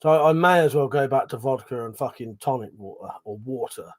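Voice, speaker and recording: A man's voice: medium pitch, fairly quick. A middle-aged man hosting a casual livestream, reading chat messages aloud, swearing freely, laughing and mumbling asides. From Britain.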